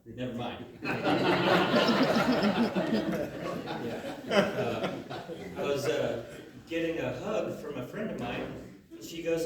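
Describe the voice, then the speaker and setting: A man in his thirties doing a stand-up comedy set, halting and full of uhs and restarts. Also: on the high side, expressive, crowd noise. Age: 30s. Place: comedy venue before a live audience. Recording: echoey room, voice from a distance.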